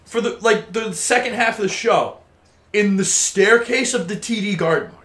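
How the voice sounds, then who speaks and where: Young male podcast host, early twenties, slightly high, animated ranter who swears a lot; echoey room. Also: moderate pace. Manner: animated ranting storyteller, swears freely. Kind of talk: casual podcast chat over gameplay.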